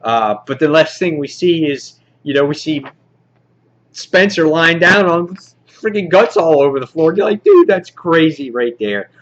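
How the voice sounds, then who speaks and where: A man casually reviewing a comic book, rambling excitedly and acting out the characters' lines. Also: on the high side, measured pace, dull audio.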